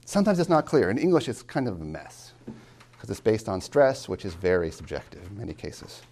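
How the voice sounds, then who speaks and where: A man's voice: fairly low pitch, sing-song, fairly quick, a little mellow. A man lecturing as a college tutor on reading poetry, asking questions and answering them himself, and tapping out rhythms aloud.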